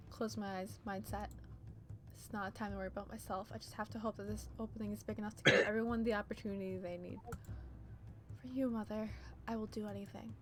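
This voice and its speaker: A woman streamer reading a visual novel aloud in first person, with steady storytelling narration and small slips. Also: mid-range voice. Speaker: let's play streamer.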